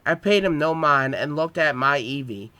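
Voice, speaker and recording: A man's voice: fairly high pitch, animated, moderate pace, sharp tone, dry recording. A man reading his own homemade story aloud, with plain delivery and small stumbles.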